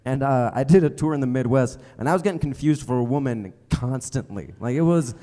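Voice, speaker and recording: On a theater stage in front of a live crowd, a young adult man performs stand-up in a mellow, medium-pitched voice that's brisk and lively in intonation. The sound is big and roomy, and his set is rambling and self-deprecating, stuffed with fillers.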